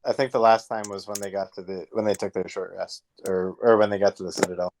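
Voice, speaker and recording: A man's voice: sits low, flat delivery, fast, background noise. A man at a tabletop game explaining the rules. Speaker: player.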